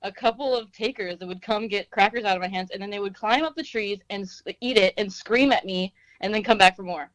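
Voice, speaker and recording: Young female singer-songwriter guest from Texas, mid pitch, dry sound, loose and self-mocking. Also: brisk, few pauses, fairly bright tone, no room sound, poor audio. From Austin, Texas. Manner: laid-back, self-deprecating, lots of "like" and "um". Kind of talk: casual interview.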